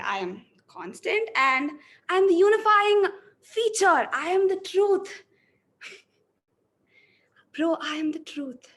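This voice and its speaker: A woman's voice: very high-pitched, fairly bright tone, pitched above the performer's own voice, heavily acted. A woman acting out a monologue as a haughty personified force of life and truth, declaiming it.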